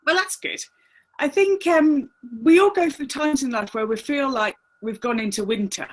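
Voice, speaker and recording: A woman's voice: high-pitched, normal speed, poor audio. A woman hosting a live advice webinar, chatty and loose, with fillers and laughs, speaking at her computer. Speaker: host and agony aunt.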